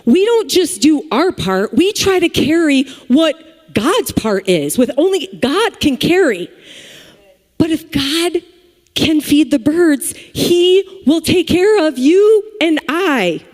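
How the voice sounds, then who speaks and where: A woman's voice: sits high, very animated, slow, darkish tone. Woman preaching in a reverberant hall. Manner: chatty, joking asides to the congregation. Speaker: speaker at a church service. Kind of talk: sermon with personal stories. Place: large church hall with live audience.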